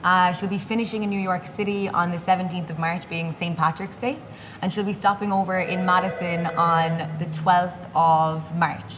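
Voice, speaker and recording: A woman's voice: lowish voice, little pitch movement, normal speed, big-room sound, noisy background. A woman from Ireland with an Irish accent, a brand representative explaining drink history and event details in a casual interview. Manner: informative, storytelling explanations.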